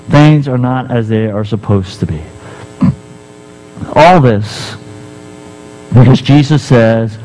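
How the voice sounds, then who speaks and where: A man's voice: medium pitch, a little mellow, low-quality recording. A male pastor preaching a sermon, telling a story and acting out the characters' lines.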